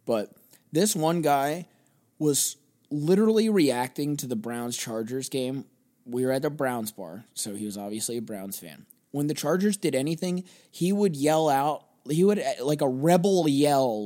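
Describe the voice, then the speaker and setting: A man's voice: medium pitch, expressive, a little slow, warm tone. A young man hosting a solo sports podcast, rambling and sarcastic, swearing freely as he runs through football games. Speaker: podcast host.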